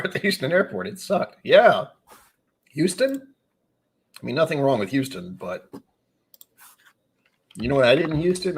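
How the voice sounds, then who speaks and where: A man from New England chatting casually on a live stream. He reads out viewer comments and rambles along with wry, sudden animated asides. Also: mid-range voice, breathy edge.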